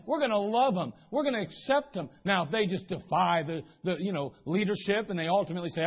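A man with a high, husky voice preaches to his congregation, spinning folksy stories and briefly acting out the people he quotes. The recording sounds dull and muffled. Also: lively intonation, fast talker, hardly any pauses. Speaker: pastor. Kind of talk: sermon. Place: church sanctuary.

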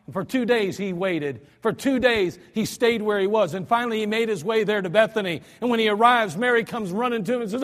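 An American male pastor preaching a storytelling sermon, swinging between soft asides and loud cries. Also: sits high, fairly quick, few pauses. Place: church sanctuary. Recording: church hall reverb.

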